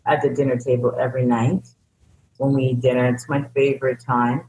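A man co-hosting a podcast, speaking in a calm, agreeable, casual way. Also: mid-range voice, fairly quick, low-quality recording. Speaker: podcast co-host. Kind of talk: casual chat.

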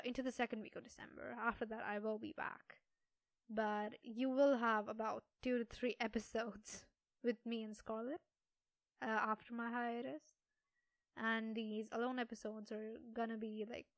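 Chatty young woman, higher voice, dry sound. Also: dry recording. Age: young adult. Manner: rambling, self-conscious, laughs often. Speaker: podcast host. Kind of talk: unscripted solo podcast chat.

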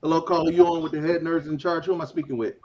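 A man hosting a podcast, talking casually and taking calls with loud joking banter and swearing. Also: on the high side, fairly even intonation, very fast, highs cut off, crowd noise. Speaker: podcast host. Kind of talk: casual chat taking call-ins.

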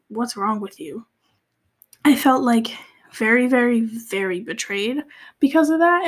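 Young woman telling a rambling personal story. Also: a little high. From Cape Verde. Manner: rambling, many fillers and restarts, drops to a whisper at times. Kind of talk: casual confessional storytelling.

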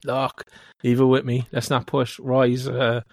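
A man with a Cork Irish accent tells an animated story on a podcast. He keeps slipping in filler as he goes. The sound is dry and close. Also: mid-range voice, measured pace, gravelly, no echo. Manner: animated anecdote with lots of filler "like, you know". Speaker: podcast co-host. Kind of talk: casual storytelling chat.

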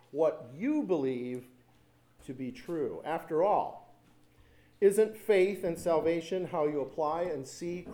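A man's voice: a little high, mellow. A man preaching a sermon as pastor, telling stories with animation and repeating lines for emphasis.

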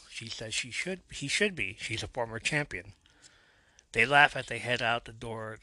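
A man's voice: on the low side, pushed and bright, no echo. A man hosting a podcast, retelling a TV episode scene by scene in casual play-by-play and briefly voicing the characters. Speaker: podcast host recapping a TV episode. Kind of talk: casual recap narration.

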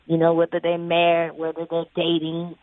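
A relaxed woman chatting on a call-in show, easygoing and rambling, with a laugh never far off. Her voice sits a little low and comes through a thin, tinny phone line. The sound is dry and close. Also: normal speed, no room sound, soft background music. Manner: laid-back, rambling, laughs often. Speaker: guest. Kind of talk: casual interview chat.

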